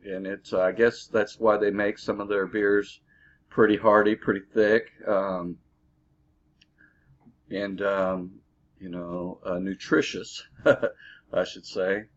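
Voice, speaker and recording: A man giving a casual beer review, halting and full of fillers, recorded on a dull lo-fi mic. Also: lowish voice, level tone. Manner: halting, filler-heavy, easygoing.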